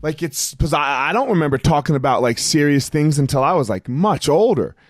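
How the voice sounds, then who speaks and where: A man's voice: on the high side, animated, brisk, no room sound, clean studio sound. A man in his forties, a podcast guest talking in a rambling, casual way, full of fillers and profanity.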